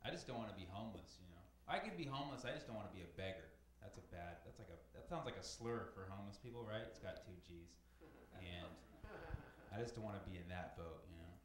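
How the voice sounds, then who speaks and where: A man's voice: sits low, quick pace, slight background noise. A man doing a stand-up set at an open mic, rambling and full of filler words and asides. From part Lebanese, part Italian heritage. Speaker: stand-up comic. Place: small comedy club stage. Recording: echoey club with audience laughter.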